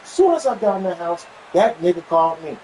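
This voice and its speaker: Animated man telling a family story. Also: a little fast, a little hiss or hum, poor audio. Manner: animated, acts out quoted dialogue with pitch jumps; repetitive, stumbling restarts. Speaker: vlogger sharing a family update. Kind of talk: casual personal storytelling.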